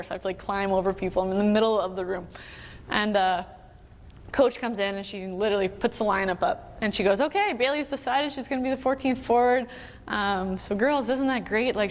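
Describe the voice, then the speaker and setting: A young adult woman from Canada telling a personal story at a conference, chatty, with many fillers and quoted voices. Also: mid-range voice. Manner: chatty, many "like"s, quotes others, emotional at moments. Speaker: conference speaker. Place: conference hall. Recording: long hall reverb, faint room noise.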